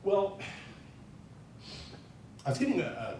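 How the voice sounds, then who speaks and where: A man from North Dakota gives a chatty, self-deprecating guest sermon in a church sanctuary, his animated, slightly mellow voice moving at normal speed through plenty of fillers and restarts. The distant mic picks up an echoey hall and a faint rumble.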